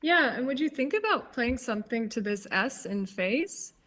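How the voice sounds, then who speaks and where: A woman giving live game commentary, explaining moves in a measured, analytical way with hesitant fillers. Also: fairly high pitch, animated, a bit bright. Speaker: tournament commentator.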